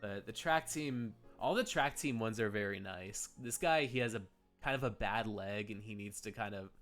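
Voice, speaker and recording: A man's voice: lowish voice, normal speed, a bit bright, faint music behind. A man streaming a game and chatting casually, rambling and gushing with frequent giggles. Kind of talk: casual gameplay commentary.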